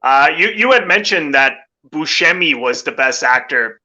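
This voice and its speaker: A man hosting a casual interview, easygoing and quick to agree. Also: on the high side, animated, pushed and bright, dull audio. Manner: easygoing, frequent short agreements. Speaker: interview host.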